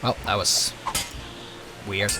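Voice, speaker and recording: A man's voice: slow pace, bright, forceful tone, a little hiss or hum. A man casually commenting on a game as he plays, muttering, cursing and getting frustrated. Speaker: gaming streamer. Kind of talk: casual let's play commentary.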